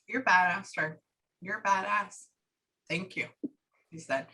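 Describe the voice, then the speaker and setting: A woman giving a psychic reading, relaying a spirit's words in chatty, lively bursts. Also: mid-range voice, slow, rough recording. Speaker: psychic medium.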